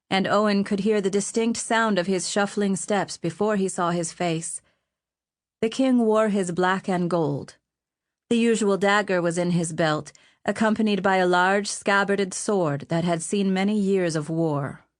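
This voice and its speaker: Female audiobook narrator, measured, unhurried pace, dry studio read. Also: medium pitch, dry recording.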